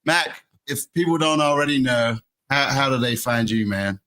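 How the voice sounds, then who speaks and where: A man hosting a live fan show, relaxed and steering the conversation. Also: medium pitch, normal speed. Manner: relaxed, steering the talk, short agreements. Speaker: show host. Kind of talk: casual podcast hosting.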